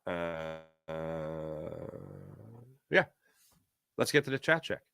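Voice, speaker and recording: Animated man hosting a sports talk show. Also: sits low, takes it slowly. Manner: animated, jokey, reads live chat aloud. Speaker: podcast host.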